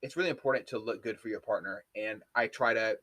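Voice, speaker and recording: A man hosting a casual podcast chat, telling stories in an animated way and swearing freely. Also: fairly low pitch, fast, no echo.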